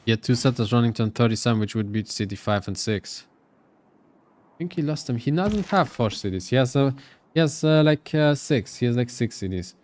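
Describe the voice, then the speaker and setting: A man's voice: medium pitch, lively intonation, a little fast, darkish tone. A man casting a live strategy game match, giving loose, thinking-aloud play-by-play. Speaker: esports caster.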